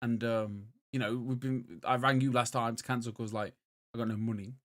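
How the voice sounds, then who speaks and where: A British man in his thirties, a podcast co-host telling a story in a casual chat, moving between loud bursts and muttered asides. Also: mid-range voice, fairly even intonation, moderate pace.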